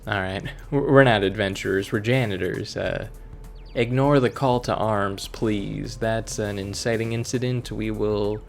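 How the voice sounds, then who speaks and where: Gravelly-voiced man joking through a game. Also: on the low side, fairly even intonation, a little slow. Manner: playful, jokey, reads game text aloud. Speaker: let's play host. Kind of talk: casual gameplay commentary. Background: faint game music.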